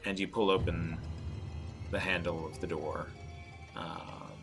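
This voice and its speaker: A man narrating as game master, hesitant with fillers and slowing down for dramatic description. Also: sits low, steady tone, vocal fry, over music.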